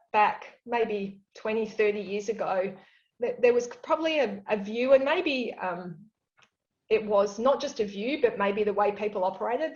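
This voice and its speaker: A woman's voice: mid-range voice, darkish tone, lo-fi sound. A woman speaking at an awards evening, giving candid, earnest career advice from a home office over a video call, with many fillers and restarts. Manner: self-described extrovert. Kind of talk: reflective advice talk.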